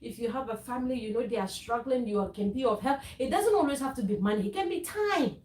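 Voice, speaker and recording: A woman's voice: fairly high pitch, expressive, fast talker, dark tone, echoey room, poor audio. A woman from Ghana talking casually in a faith-based vlog, earnest and preachy, with frequent laughs and restarts. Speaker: vlogger.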